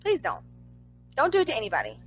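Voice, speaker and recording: Animated young woman, high and lively. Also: fast talker, slightly rough, soft background music, poor audio. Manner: animated storytelling, exasperated asides. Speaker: podcast co-host. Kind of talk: casual podcast chat.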